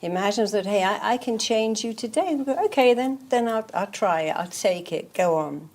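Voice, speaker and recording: A woman's voice: medium pitch, lively intonation, moderate pace, a little mellow. A woman therapist talking in an interview, emphatic and repetitive, telling stories and repeating affirmations. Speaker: therapist guest. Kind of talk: motivational interview talk.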